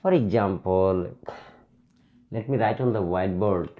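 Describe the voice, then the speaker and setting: A man teaching English pronunciation, dictating slowly and repeating words as he writes on a whiteboard. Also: sits low, mellow, dull audio. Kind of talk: classroom lesson at a whiteboard.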